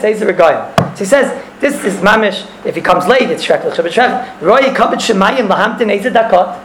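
A man's voice: high voice, expressive, moderate pace, hardly any pauses, noisy background. A man teaching a religious class, explaining a text and telling stories, mixing in Hebrew and Yiddish terms and repeating phrases. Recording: echoey room.

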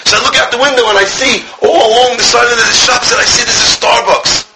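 A man, a rabbi and school director, preaching a sermon passionately, crying out at times and dropping to a hush as he tells stories. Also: very high voice, steady tone, fairly quick, vocal fry, background noise. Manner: impassioned, swinging from cries to hushed storytelling. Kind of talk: sermon with storytelling.

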